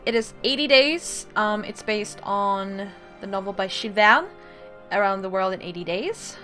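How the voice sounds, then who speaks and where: A woman's voice: mid-range voice, normal speed, pushed and bright, soft background music. A woman hosting a casual game playthrough and reading story text aloud, hesitant and self-deprecating with many fillers. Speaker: gaming video host.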